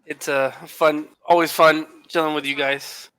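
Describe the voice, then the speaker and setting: A man's voice: on the high side, flat delivery, unhurried, sharp tone, a little hiss or hum, low-quality recording. A man hosting a casual stream chat, laid-back and laughing easily.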